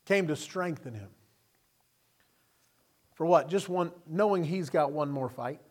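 A man preaching a sermon, telling Bible stories with animated delivery and acting out the characters. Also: a little high, unhurried. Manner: animated storytelling, acting out scenes in character voices.

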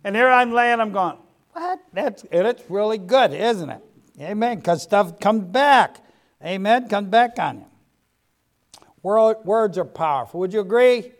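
Folksy high-voiced male preacher. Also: animated, measured pace. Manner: folksy preaching, frequent "amen" asides. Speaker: pastor. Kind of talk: sermon.

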